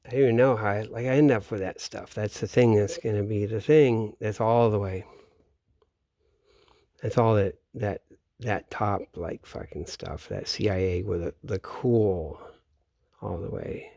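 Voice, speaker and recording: Low-voiced man in a rambling, profane monologue. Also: fairly even intonation, a little slow, vocal fry, warm tone, no room sound, clean studio sound. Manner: profane, meandering, trails off mid-sentence. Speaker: vlogger. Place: home in Florida, at night.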